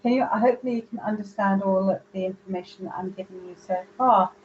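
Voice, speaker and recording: A woman's voice: medium pitch, fast talker, a little mellow, highs cut off, a little hiss or hum. A woman, a psychic medium giving a live reading and relaying messages directly to viewers by name.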